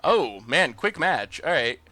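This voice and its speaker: Excitable high-voiced male game streamer. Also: slow pace, no room sound. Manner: excitable, bursts into loud cheering; chatty, thinks out loud about plays. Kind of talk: live gameplay commentary.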